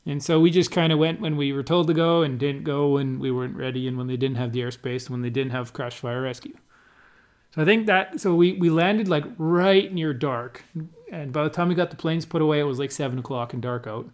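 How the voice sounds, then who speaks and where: A man casually recounting flights at an air race event, pausing and restarting often and laughing now and then. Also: on the high side, fairly even intonation. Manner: halting, many restarts and fillers, laughs while telling. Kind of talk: casual conversational recollection.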